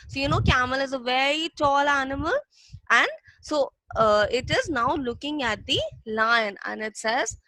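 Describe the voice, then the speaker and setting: A woman's voice: high voice, a little slow, sharp tone, no room sound, low-quality recording. A woman teacher explaining a lesson patiently, repeating key points for young students. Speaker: English teacher. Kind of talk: classroom reading lesson.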